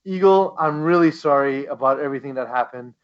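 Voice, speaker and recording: A man hosting a casual podcast, joking and animated, often restarting his sentences. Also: mid-range voice, brisk, highs cut off. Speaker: podcast host. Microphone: podcast mic, leans away at times.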